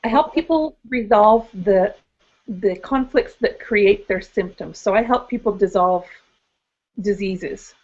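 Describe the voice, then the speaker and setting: A woman seminar participant on a call, soft-spoken, giving short replies. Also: mid-range voice, unhurried. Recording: dull lo-fi call audio.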